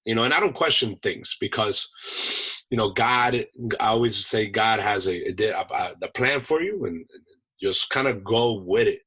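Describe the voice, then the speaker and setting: Male podcast guest, husky and forceful, casual animated storyteller. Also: fairly low pitch, moderate pace, rough recording. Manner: animated storyteller, peppers talk with "man" and "you know". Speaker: podcast guest, chef and Marine veteran. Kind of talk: casual anecdote-telling in an interview.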